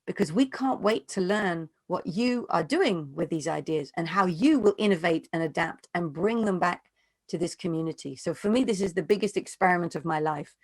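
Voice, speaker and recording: A woman's voice: lowish voice, moderate pace, no echo. A woman, an economist, giving an earnest, emphatic talk and answering questions over a video call. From United Kingdom. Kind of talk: lecture and Q&A answers.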